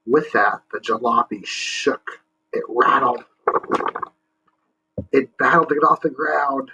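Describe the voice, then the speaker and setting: Slow, husky man reading a picture book. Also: medium pitch, sharp tone, poor audio. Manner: stops to explain words and asks kids to join in. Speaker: teacher reading to children.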